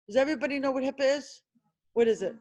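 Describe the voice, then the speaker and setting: Brisk high-voiced woman instructor. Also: rough recording. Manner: brisk, quizzing the class with rapid questions; emphatic and animated. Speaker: insurance licensing instructor. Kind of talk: classroom review lecture.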